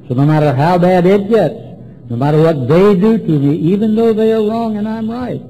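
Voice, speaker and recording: Deep-toned emphatic man giving a recovery talk. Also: moderate pace, warm tone, low-quality recording. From Washington, DC, USA. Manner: folksy, repetitive, emphatic. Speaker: AA speaker. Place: meeting room before a group.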